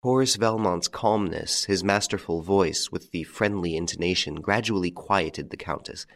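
Deep-voiced male audiobook narrator. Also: moderate pace, fairly bright tone. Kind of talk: scripted narration of a novel.

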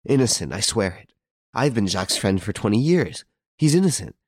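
A man's voice: fairly low pitch, big pitch swings, brisk, no echo, clean studio sound. A man voicing an agitated young man who stammers and insists in a storybook reading. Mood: distraught.

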